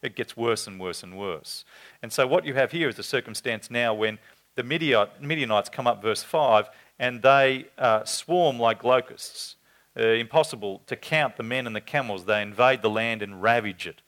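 A man's voice: normal speed, fairly bright tone. A man preaching an expository sermon, reading scripture aloud with dramatic voices for the quotes. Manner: pitch and volume jump high when voicing quotes.

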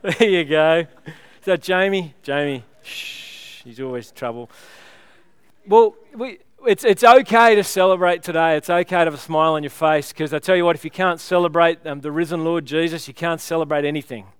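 A man's voice: on the high side, fairly even intonation, fairly quick, clear, resonant tone, no echo. A man preaching a sermon, chatty and joking with the congregation. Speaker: pastor.

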